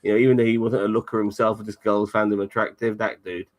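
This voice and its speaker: A man's voice: on the low side, flat delivery, fast. Rambling stammering man, casual chat. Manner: rambling, stammering, swears freely. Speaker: podcast co-host. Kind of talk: casual banter.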